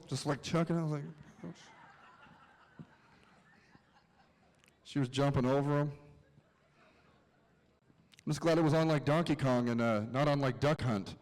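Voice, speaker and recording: A man works the crowd with a stand-up set, dropping deadpan, self-mocking asides. His voice sits a little high. It comes through a stage PA with a long, trailing reverb. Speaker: stand-up comedian. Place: outdoor city plaza stage.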